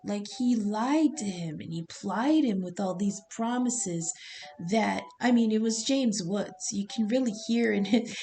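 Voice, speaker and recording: Woman tarot reader, chatty and loose, drops the odd swear word, soft music playing faintly underneath. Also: medium pitch, slow, gravelly, low-quality recording. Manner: rambling, conversational, swears casually. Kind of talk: casual tarot reading vlog.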